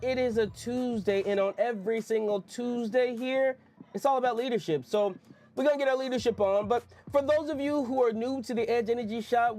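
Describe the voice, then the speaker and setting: A man's voice: high voice, darkish tone, dry recording. A man hosting a motivational leadership podcast, hyped and preacher-like, repeating phrases for emphasis on a close studio mic. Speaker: podcast host. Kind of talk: energetic motivational podcast talk.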